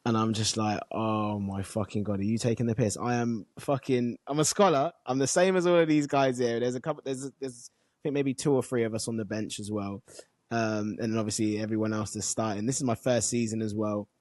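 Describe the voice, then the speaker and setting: A man's voice: medium pitch, fairly quick, a little mellow, no echo, clean studio sound. A man co-hosting a football podcast, telling a story in a laid-back, sweary way. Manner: laid-back, sweary, with short backchannel replies. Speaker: podcast co-host. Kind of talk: casual storytelling chat.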